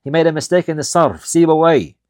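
A man teaching a religious lesson. He reads Arabic passages quickly, then explains them in English, repeating his key points with emphasis. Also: fairly high pitch, animated, a little mellow, no echo, studio quality. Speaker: Islamic studies teacher. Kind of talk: recorded lesson explaining classical texts.

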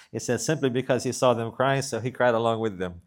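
Man teaching a religious text. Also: medium pitch. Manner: switches between brisk Arabic reading and slow, repeated English explanation. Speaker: teacher explaining a classical Arabic text. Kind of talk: religious lesson, reading Arabic then explaining in English.

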